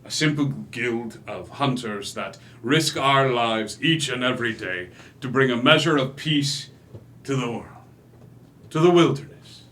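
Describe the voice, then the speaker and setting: A man voicing a broad-shouldered hunter guild leader who speaks in slow, grandiose lines in a tabletop game. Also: mid-range voice, animated, fairly bright tone, a little hiss or hum. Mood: solemn. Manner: measured, grandiose speech.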